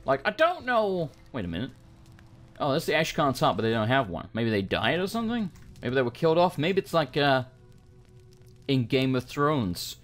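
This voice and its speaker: A man's voice: medium pitch, big pitch swings, moderate pace, faint music behind. A man giving casual, sarcastic commentary while playing a game, swearing and muttering to himself. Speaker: let's play gamer. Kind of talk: casual gameplay commentary, reading game dialogue aloud.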